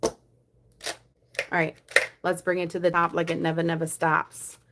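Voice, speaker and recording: A young woman vlogging a savings challenge, chatting casually and counting money aloud, often dropping to a soft murmur. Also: lowish voice, completely flat delivery, measured pace, heavy background noise. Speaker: budgeting vlogger.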